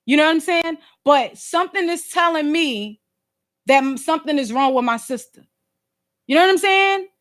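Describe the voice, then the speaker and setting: Philly woman on a phone livestream, high voice, loud and slangy, keeps asking "you know what i'm saying". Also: moderate pace. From Philadelphia. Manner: animated and slangy, fond of rhetorical asides; loud and emphatic, sometimes snapping. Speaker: podcast host and livestreamer. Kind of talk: casual livestream chat.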